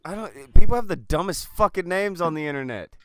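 A man hosts a loose online talk show in a blunt, sardonic way, swearing freely. His pitch swings around a lot, and his voice comes through smooth and resonant. The sound is dry and close. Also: expressive, brisk, a bit bright, dry recording. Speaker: podcast host. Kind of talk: casual profane group chat.

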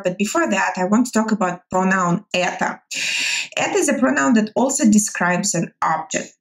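A woman with a Russian accent, a native Russian speaker, teaching a language lesson. She speaks slowly and carefully, repeating each Russian word and then translating it. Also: medium pitch.

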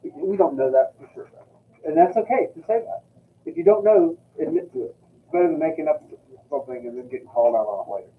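A man's voice: a little high, very animated, fast talker, vocal fry. A man, a teacher leading a class critique in a direct, coaching way. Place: school classroom. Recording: tinny, distant, noisy room.

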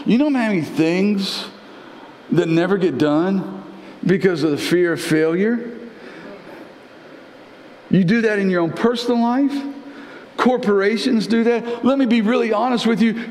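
A male pastor giving a conversational live sermon, repeating phrases and climbing in pitch to press his points. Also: a little slow, long pauses, a little mellow, a little hiss or hum. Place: church sanctuary. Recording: roomy church with long reverb.

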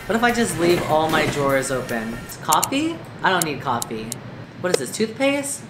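A woman's voice: sits low, big pitch swings, normal speed. A woman hosting a horror game let's play, jumpy and crude, often screaming. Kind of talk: casual gaming commentary. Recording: echoey room with game music.

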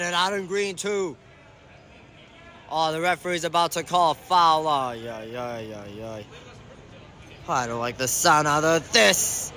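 A man giving excited sideline commentary on an amateur indoor soccer game, shouting and groaning at the plays and calling out to the referee. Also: fairly high pitch, measured pace, long pauses.

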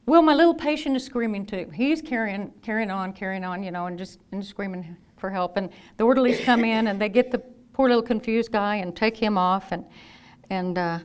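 A woman in her fifties, a nurse telling lively anecdotes in a talk and acting out the people she quotes. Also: medium pitch, brisk, clean tone. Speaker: nurse and speaker. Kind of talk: storytelling talk.

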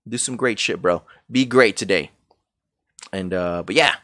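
A man's voice: sits low, measured pace, sharp tone, no room sound, clean studio sound. A man streaming a game, chatting loosely and profanely and greeting viewers by name from a room at home. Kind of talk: casual chat while gaming.

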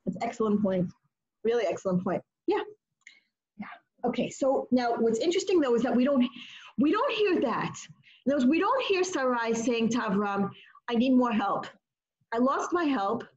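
A woman leading an informal study session, retelling stories in an expressive, animated way. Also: fairly high pitch, brisk. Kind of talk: informal teaching talk. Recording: muffled lo-fi audio.

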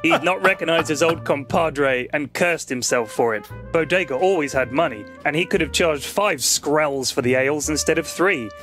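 A man reads a comic story aloud on a podcast in a deadpan way. His voice sits a bit high for a man. Faint music plays in the background. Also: normal speed, hardly any pauses. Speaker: podcast host reading a story. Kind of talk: comedic story reading.

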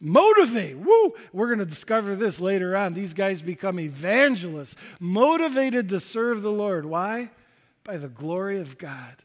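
A man preaching a sermon as a pastor, shifting between loud declarations and hushed, quiet passages. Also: high-pitched, animated, moderate pace. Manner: dynamic, swinging from loud to hushed. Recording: long church reverb.

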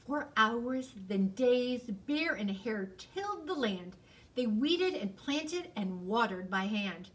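A woman reading her picture book aloud in an expressive, sing-song, teacherly way, with fun facts in between. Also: fairly high pitch, slow, recorded from a distance.

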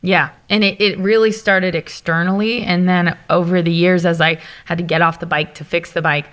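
A woman speaking as a guest founder, telling candid business stories in an animated, open way. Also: lowish voice. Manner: animated, open, quick to laugh. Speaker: guest, company founder and author. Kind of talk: candid conversational storytelling.

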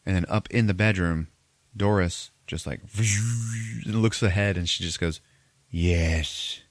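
A man with a very low voice retells a film plot in a casual, rambling podcast chat, swearing freely and laughing as he goes. The sound is close and dry, with little room around it. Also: measured pace, no room sound. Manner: profane, laughing, rambling storyteller. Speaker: podcast host. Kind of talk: casual movie recap.

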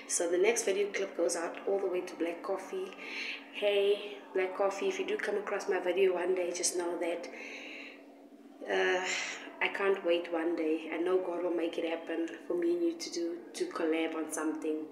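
A woman with a lowish voice talks to her viewers in a determined, preachy, encouraging way. The mic sits some distance off, so her voice sounds roomy and echoing. A faint wash of street ambience runs underneath. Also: flat delivery, moderate pace, background noise. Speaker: street singer. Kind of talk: motivational vlog address.

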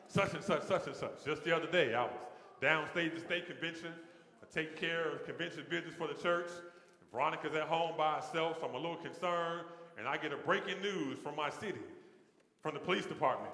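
A man's voice: on the high side, fairly quick, pushed and bright, roomy sound, in a large hall. A man preaching as the pastor of a church, building his sermon with repeated phrases that swell in intensity. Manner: preaching with rising call-and-response intensity. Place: large church sanctuary.

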